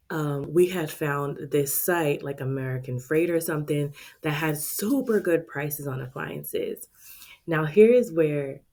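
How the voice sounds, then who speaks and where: Low-voiced woman vlogging, chatty and expressive, talking right at her viewers. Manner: expressive, talks straight to viewers with lots of "y'all". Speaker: budgeting vlogger and channel host. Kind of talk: casual chatty vlog.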